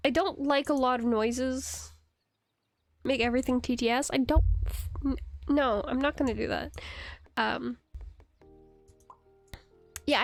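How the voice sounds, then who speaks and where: A young woman streaming a game, chatting casually, rambling and giggling as she answers her chat. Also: high-pitched. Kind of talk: casual live-stream chat while gaming. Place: home computer setup.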